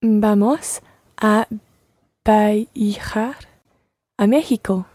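Slow, mellow-voiced woman answering a quiz. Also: medium pitch, steady tone, no room sound, studio quality. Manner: slow, careful, deliberate answers. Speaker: language learner.

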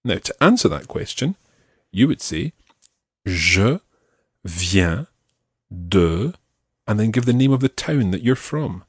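A man teaching a French lesson, explaining and slowly modelling phrases for learners to repeat. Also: medium pitch, expressive, husky, dry recording, studio quality. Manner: slow, careful modelling of phrases. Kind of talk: audio language lesson.

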